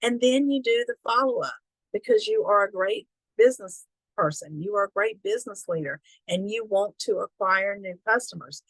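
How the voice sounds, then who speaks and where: A woman's voice: mid-range voice, moderate pace, no echo, poor audio. A woman with a Southern accent leading an online business training, folksy and encouraging, chatty and upbeat.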